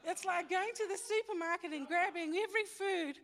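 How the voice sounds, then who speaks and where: A woman's voice: very high-pitched, a little fast, fairly bright tone. A woman teaching a Bible story in informal sermon style, chatty, with everyday slang and frequent self-corrections. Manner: chatty, many fillers and restarts, retells scripture in everyday slang. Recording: long hall reverb.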